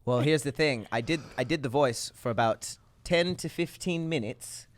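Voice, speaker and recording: A man co-hosting a podcast, telling a story in an animated, joking way. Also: mid-range voice, normal speed. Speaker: podcast co-host. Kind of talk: casual chat, storytelling.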